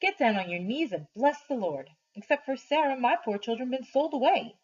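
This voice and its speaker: Woman doing a blunt, high-voiced old woman. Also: animated, normal speed, darkish tone, husky. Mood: scolding. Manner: blunt, scolding. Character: spirited old woman friend, blunt and devout. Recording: dull lo-fi recording.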